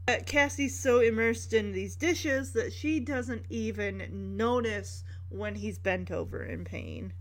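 Slow-talking chatty woman recapping. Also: fairly high pitch. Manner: chatty, quotes characters in their voices, laughs often. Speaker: show recap host. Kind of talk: casual recap commentary.

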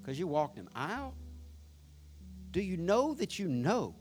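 A man in his fifties preaches with a high, ringing voice, swinging from loud fervor to near-whispered intimacy. He tells homespun stories and pounds on rhetorical questions. Soft music plays faintly behind him. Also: sing-song, a little slow. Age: 50s. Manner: impassioned, swinging from loud to hushed; folksy storytelling with rhetorical questions. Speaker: pastor. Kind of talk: sermon.

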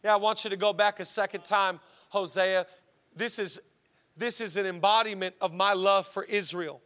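A man's voice: high voice, steady tone, normal speed, a bit bright. A man voicing God in a sermon retelling, giving firm, repeated commands. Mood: insistent. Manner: firm, repetitive, insistent. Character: God, calm insistent commanding voice.

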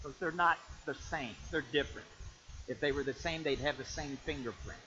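A male pastor preaching a sermon emphatically, rising to shouts and calling for amens. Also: fairly high pitch, brisk, lo-fi sound. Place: church.

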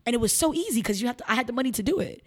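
A woman with a Chicago accent chats as a podcast guest, with a fairly high-pitched voice. She is animated and emphatic as she tells her stories. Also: rapid-fire. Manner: animated, emphatic storyteller who slips into mimicked voices. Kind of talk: casual interview chat.

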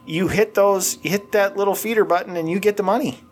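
A man's voice: sits high, fairly even intonation, brisk, soft background music. A middle-aged man co-hosting a podcast, talking in a crude, blunt way and laughing often. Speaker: podcast co-host. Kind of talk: casual chat.

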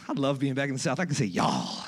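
A man preaching a sermon as a guest speaker in a church, joking between passages and building to shouted, rising crescendos. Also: medium pitch.

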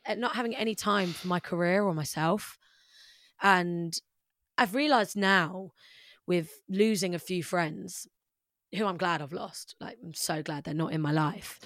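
A woman's voice: lowish voice, a little slow, fairly bright tone, dry recording, clean studio sound. A young British woman, a musician guest, talking openly and rambling about her life, with many "like"s. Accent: British English. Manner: open, rambling, says "like" often. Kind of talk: candid personal conversation.

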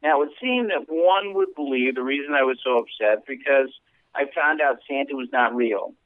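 A man's voice: medium pitch, moderate pace, dry recording. A man co-hosting a podcast who reads a listener letter earnestly, stumbling and restarting now and then. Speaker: podcast co-host. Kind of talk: reading a listener letter, then casual chat. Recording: tinny, phone-like sound.

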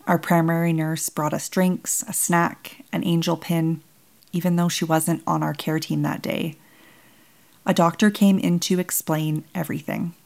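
Low gravelly woman reading her memoir. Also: a little mellow. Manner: measured, solemn, short plain sentences. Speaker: bereaved mother telling her story. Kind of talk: first-person memoir narration.

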